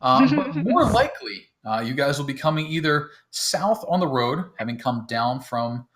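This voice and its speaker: A man acting as game master, explaining the setup to his players in a relaxed way, with many fillers and chuckles. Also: fairly high pitch, moderate pace. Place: home, talking over voice chat.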